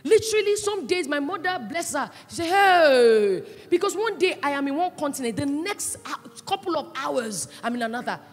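A woman pastor preaching a sermon with passion, swinging between loud cries and hushed asides. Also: high voice, expressive, normal speed, few pauses. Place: church hall. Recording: echoey church hall, with faint music.

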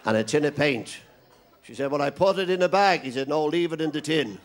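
A man's voice: on the high side, lively intonation, a little fast, a faint crowd, a little hiss or hum. Irish man telling stand-up jokes. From Ireland. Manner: rambling joke teller, playing all the characters himself. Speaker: stand-up comedian.

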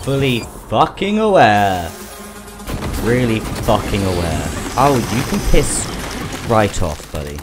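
Man gaming, panicky and cursing, very lively pitch, game music behind. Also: slow. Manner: panicky, swearing, talking to the game. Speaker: gamer. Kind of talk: gameplay commentary.

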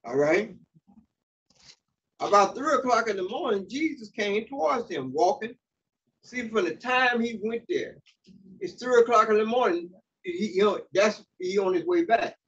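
Preaching in a church sanctuary, a pastor speaks in a high, animated, fairly bright voice at a measured pace. He reads scripture aloud, pausing often to explain it, with fillers and restarts. The sound is dull and slightly hissy, recorded from a distance.

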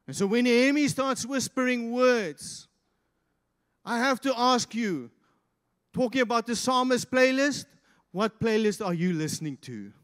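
Male pastor, high voice, sermon, impassioned, long church reverb. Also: expressive, measured pace. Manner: impassioned preaching, swinging from loud peaks to quiet asides. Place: church hall.

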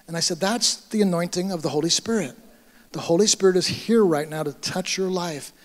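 An American pastor from the United States, with a high-pitched voice, preaches a sermon to his congregation, acting out the conversations in his story with animated energy. He speaks a little fast, and his voice rings through a church hall with a long reverb trail.

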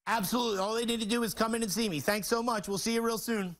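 Man, high-pitched, boastful salesman, rapid-fire, jokey, TV guest. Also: steady tone, a bit bright. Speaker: store owner guest. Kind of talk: fast sales pitch on a TV talk show.

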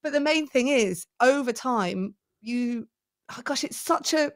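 A woman's voice: high voice, lively intonation, a little slow. A middle-aged woman, a presenter coach, talking enthusiastically in a podcast interview and thinking aloud as she goes.

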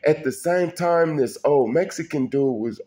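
Slow-talking man telling a story. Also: on the high side, warm tone. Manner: colloquial, addresses listener directly, frequent restarts. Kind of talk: casual personal storytelling.

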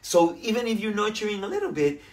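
Animated man with a Latin American Spanish accent. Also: high-pitched, fast talker. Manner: animated, laughs often, acts out voices. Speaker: spiritual coach, co-host. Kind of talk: casual chat.

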